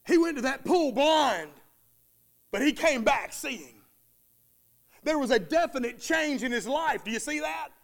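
A man's voice: very high-pitched, fairly bright tone. A man preaching a sermon with emphatic, repeating phrases, acting out the words of the townsfolk.

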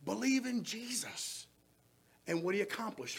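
A man preaches a sermon in a very high, lively voice. His tone is gravelly and bright, and he swings from shouted emphasis down to soft near-whispers. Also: unhurried. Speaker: pastor.

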